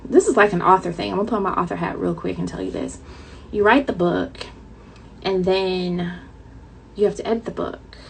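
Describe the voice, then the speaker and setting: A woman's voice: medium pitch, steady tone, normal speed, gravelly, slight background noise, rough recording. A woman author chatting casually to her viewers with a light Southern twang, dramatic and talkative, calling them y'all.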